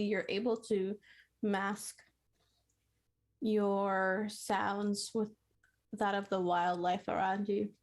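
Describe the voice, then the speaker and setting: Woman game master, slow halting narration, lots of ums. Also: medium pitch, a little mellow. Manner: halting, with many filler pauses.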